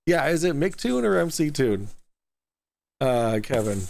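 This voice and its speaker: A man's voice: a little high, very animated, takes it slowly, gravelly, darkish tone. A man hosting a live stream, mocking and sarcastic, laughing often as he comments. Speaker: host reacting to a debate stream.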